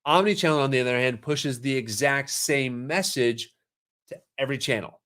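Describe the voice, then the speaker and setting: A man hosting a casual live stream about marketing, energetic and salesy, with quick asides to viewers. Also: mid-range voice. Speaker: marketing show host.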